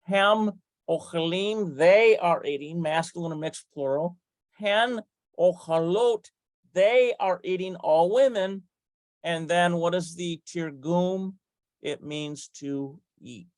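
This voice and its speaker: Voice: mid-range voice, slow pace, no echo. A Hebrew teacher giving a grammar lesson, methodically spelling out letters and vowels step by step and thinking aloud with fillers and self-corrections.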